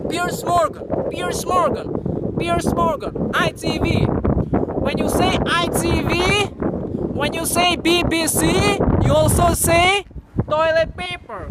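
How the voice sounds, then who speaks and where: Man ranting at an outdoor protest, wind noise. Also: very high voice. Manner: repetitive, chanting call-and-response rants. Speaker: street protester. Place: outdoors in front of a TV building. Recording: loud wind noise on the mic.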